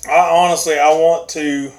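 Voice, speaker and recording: Reading viewer comments aloud with frequent chuckles, a man hosts a casual live stream. His voice is a little high, and he speaks at a moderate pace with a flat delivery.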